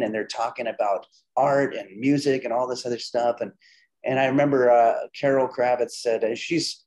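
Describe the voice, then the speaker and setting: A man's voice: mid-range voice, poor audio. A middle-aged man, a comedian and filmmaker, telling stories in a casual interview and acting out the dialogue of the people in them. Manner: animated anecdotes with quoted dialogue and frequent restarts. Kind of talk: casual conversational storytelling.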